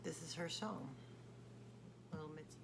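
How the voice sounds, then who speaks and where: A woman singer-songwriter talking in a personal video confession, hesitant and halting with many fillers. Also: low-pitched, vocal fry, background noise.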